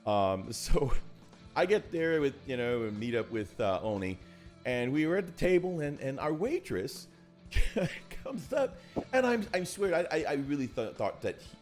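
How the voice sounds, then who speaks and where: Brief: lively male stream host, very expressive pitch, soft music underneath. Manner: animated storytelling, jumps between high and low. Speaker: livestream co-host. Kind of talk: casual chat.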